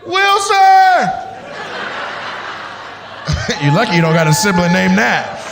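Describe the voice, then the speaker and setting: A man doing crowd work on stage, loud and animated, acting out voices as he riffs with the audience. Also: high voice, brisk, creaky, background noise. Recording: echoey venue with loud ambience.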